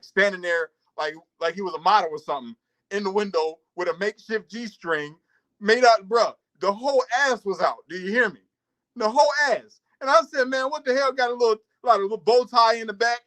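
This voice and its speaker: Heard through poor audio, this podcast co-host has a high-pitched voice and a brisk delivery. He recounts a story from his past on a chat show in a casual, animated way, cursing and laughing along the way.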